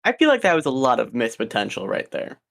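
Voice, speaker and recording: A man's voice: medium pitch, wildly swooping pitch, fast, creaky, a bit bright. A young man co-hosting a podcast, chatting casually and rambling with frequent ums and restarts. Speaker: podcast co-host. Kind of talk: casual chat.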